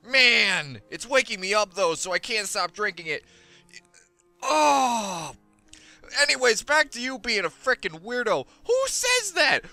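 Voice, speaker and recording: Young guy yelling and goofing through a game, bright voice, super lively, dry close mic. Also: very high voice, gravelly, no room sound. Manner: hyper, goofy, exclamatory. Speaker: gaming YouTuber. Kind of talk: let's play commentary.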